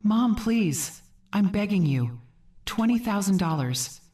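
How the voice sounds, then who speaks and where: A woman's voice: medium pitch, expressive, takes it slowly, distant mic, pitched above the performer's own voice. Woman voicing a desperate pleading grown daughter. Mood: begging. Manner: pleading, tearful, rising to sharp.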